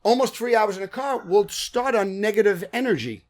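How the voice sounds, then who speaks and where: An energetic man from Brooklyn, a podcast guest telling stories in casual chat. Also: sits high, fairly quick. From Brooklyn, New York. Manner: energetic, animated storytelling. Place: podcast studio.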